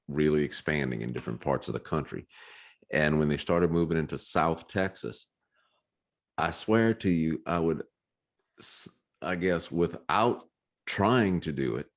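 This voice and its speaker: Very deep-voiced man. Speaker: podcast co-host. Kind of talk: casual chat.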